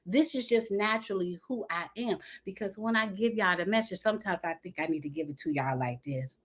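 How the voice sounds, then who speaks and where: A hyper, passionate woman runs a motivational livestream over her phone or webcam, calling viewers "y'all" constantly. She's bouncy, animated and excitable, with big jumps in pitch, and talks fairly quickly with few pauses.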